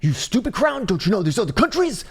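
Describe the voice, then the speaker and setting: A man voicing a mocking loudmouth hick heckler in an exaggerated redneck drawl. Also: high voice, big pitch swings, normal speed, breathy edge, voice pushed up, full character voice. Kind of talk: comic impression in a market talk.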